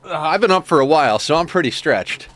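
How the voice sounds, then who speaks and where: A man's voice: fairly high pitch, lively intonation, quick pace, fairly bright tone. A man streaming a game, chatting casually with his viewers, thanking them and reading their messages with lots of fillers. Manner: frequent laughs and filler words. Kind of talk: casual live-stream chat.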